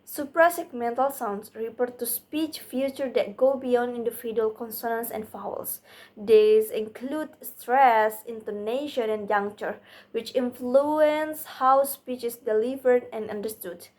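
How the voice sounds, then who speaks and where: Slow, careful young woman. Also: on the high side, darkish tone. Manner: reads slowly with restarts and fillers. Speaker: student presenter. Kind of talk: class presentation on phonetics.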